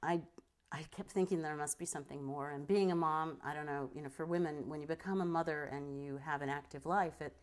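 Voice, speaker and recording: In an interview, a middle-aged woman who works as a filmmaker and actor tells stories and mimics other people with a trained stage voice. Her voice is low-pitched and she talks fairly quickly, an animated storyteller throughout.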